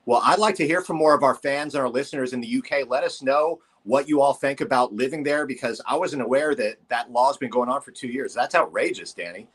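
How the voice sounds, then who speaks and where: A man's voice: mid-range voice, fairly quick, hardly any pauses, slightly rough. A man hosting a casual podcast chat, asking earnest and mock-incredulous questions. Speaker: podcast host.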